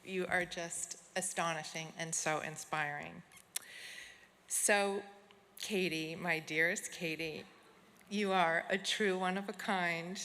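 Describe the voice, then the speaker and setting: A middle-aged woman presenting an award on stage, speaking heartfelt and unhurried, with soft fillers, into a podium microphone. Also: lowish voice, fairly even intonation. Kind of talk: tribute speech at an awards gala. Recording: long hall reverb, audience.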